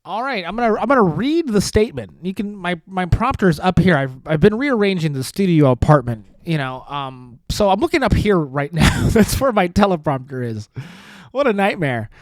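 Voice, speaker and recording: A man's voice: sits high, big pitch swings, normal speed, no room sound. A man hosting a solo podcast from a studio apartment, talking in a rambling, profane, sardonic monologue full of restarts. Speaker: podcast host.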